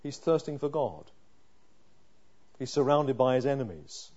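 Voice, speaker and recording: A man's sermon includes scripture read aloud and the psalmist's prayers spoken in his voice, ranging from quiet pleading to loud, heartfelt emphasis. His medium-pitched delivery has lively intonation at a measured pace, captured in dull audio.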